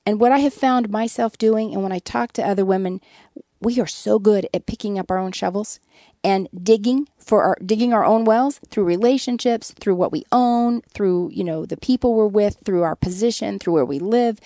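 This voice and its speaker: Mellow-voiced woman telling an earnest story. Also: medium pitch, normal speed, creaky, dry recording, studio quality. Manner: earnest storyteller, candid and self-deprecating. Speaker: guest, author. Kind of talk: conversational radio interview.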